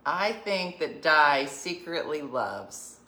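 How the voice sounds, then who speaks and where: A woman's voice: deep voice, big pitch swings, very slow, pushed and bright, roomy sound. A woman hosting an online show, chatting casually with viewers and laughing as she tells stories. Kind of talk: casual live-stream chat.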